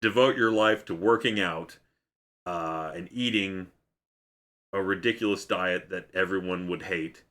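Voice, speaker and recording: Guy doing a hearty boastful movie star w a vaguely scottish accent, bright and punchy. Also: sits low, steady tone, measured pace. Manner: boastful mock-earnest advice. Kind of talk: comic impression.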